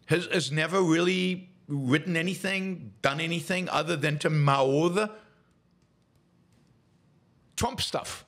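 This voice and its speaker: A man's voice: fairly high pitch, a bit bright. Scornful man hosting a political commentary show. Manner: scornful, many restarts and fillers.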